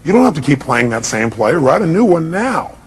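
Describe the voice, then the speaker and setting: Man, motivational speaker, emphatic, rhetorical questions, slightly high voice. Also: big pitch swings, brisk, breathy edge. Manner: emphatic, fires rhetorical questions, blunt and salty. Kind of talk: motivational speech to a live audience.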